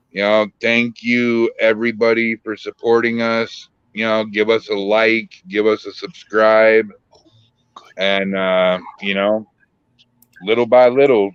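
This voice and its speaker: A man's voice: fairly low pitch, clean tone, no room sound, lo-fi sound. A man hosting a paranormal podcast, joking loosely as he wraps up the show. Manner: loose, joking sign-offs. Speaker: podcast host. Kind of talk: casual podcast chat.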